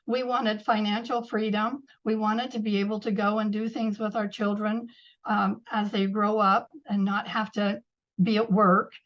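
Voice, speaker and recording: An older woman recalls old times gently in a casual interview. Her voice sits at a middle pitch and comes through slightly muffled. She speaks in an unhurried, easygoing way. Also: level tone. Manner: gentle, reminiscing. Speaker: guest.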